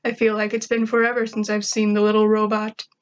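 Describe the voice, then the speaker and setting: A woman's voice: medium pitch, completely flat delivery, fairly quick, highs cut off. A woman reading a first-person fan fiction story aloud in a wry, conversational way. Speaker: narrator.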